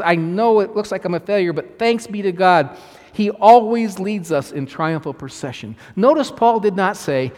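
Male pastor, sermon delivery, earnest and emphatic, slightly higher voice, long hall reverb. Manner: earnest preaching with repeated restarts and emphatic quoted lines.

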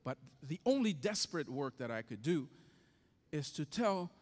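Impassioned pastor with a lively voice. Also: male voice, a little high, normal speed, in a large hall. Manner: impassioned storytelling, acting out voices. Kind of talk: preaching a sermon with a story.

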